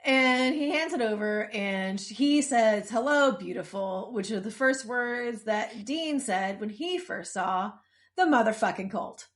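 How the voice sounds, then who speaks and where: A woman's voice: on the high side, takes it slowly. A woman co-hosting a podcast, casually recapping an episode with wry asides. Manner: chatty, wry asides, frequent restarts. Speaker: podcast co-host.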